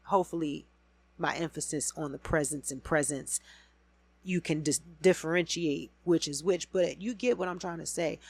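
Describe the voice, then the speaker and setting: A woman podcast host talking alone in a casual rant, blunt and full of profanity. She swings from low muttering to loud, high emphatic bursts. The sound is dry and close to the mic. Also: no room sound. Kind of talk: casual solo reality TV rant.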